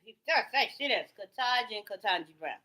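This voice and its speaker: A woman's voice: fairly high pitch, animated, a little fast, sharp tone. A woman ranting straight to camera in a profane, rambling, heated way.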